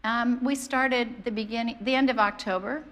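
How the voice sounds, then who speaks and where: A middle-aged woman, a pastor, preaching a sermon in an animated, conversational way, often acting out the voices of people in her stories. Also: a little high, normal speed. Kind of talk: sermon with storytelling.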